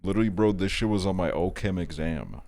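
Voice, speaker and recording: A young man from Estonia chatting casually on a stream, rambling and profane, telling animated stories. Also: sits low, fast talker.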